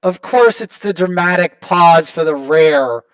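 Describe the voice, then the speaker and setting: Man, high voice, unhurried, game commentary, excitable, dry close sound. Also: clear, resonant tone, no echo. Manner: excitable, talks to viewers while opening rewards. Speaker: gaming channel host.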